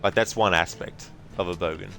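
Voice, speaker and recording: An Australian man streaming a video game, chatting casually with viewers in a relaxed, rambling way and laughing easily. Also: deep voice, a little fast, creaky, soft background music.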